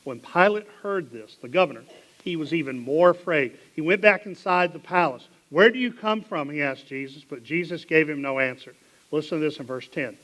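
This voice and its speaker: Man, Southern accent, pastor, sermon, dramatic scripture reading, hushed asides, higher pitch. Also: a little fast, low-quality recording. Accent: Southern American. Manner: animated, dramatic Bible reading with sudden drops to hushed asides. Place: church sanctuary.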